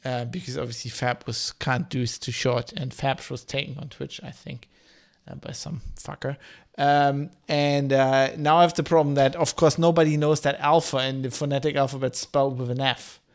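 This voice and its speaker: A man in his thirties from Germany with a mixed, slightly German English accent, chatting loosely while streaming a game and reading chat aloud, with a slight rasp. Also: medium pitch, fairly even intonation, moderate pace. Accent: German-tinged mixed English. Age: 30s. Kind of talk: casual game commentary.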